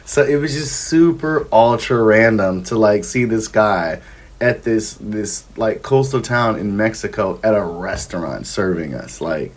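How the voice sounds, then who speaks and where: Speaking a little slowly in a voice on the low side, a podcast guest in his thirties shares travel tales in relaxed conversation. He wanders along, fills it with ums and likes, and acts out the dialogue.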